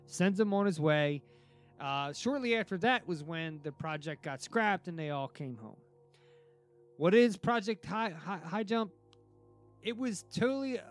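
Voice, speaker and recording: A man hosting a podcast, telling a story in a casual, excitable way, with frequent restarts and casual swearing. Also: on the high side. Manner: excitable, many restarts and fillers, swears freely. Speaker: podcast host.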